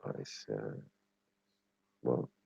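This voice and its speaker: A man's voice: extremely low pitch, fairly even intonation, very slow, gravelly, dark tone, husky, no room sound. A man hosting a casual livestream, teasing his viewers in slangy, swearing chat. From Britain. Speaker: livestream host. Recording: dull lo-fi stream audio.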